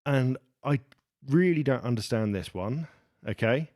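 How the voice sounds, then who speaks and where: A man co-hosting a podcast in easy, casual film talk. He thinks aloud, turning ideas over and analysing what he saw with a measured, mid-range voice. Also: mid-range voice, animated, a little mellow. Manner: thoughtful, musing, analytical. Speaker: podcast co-host.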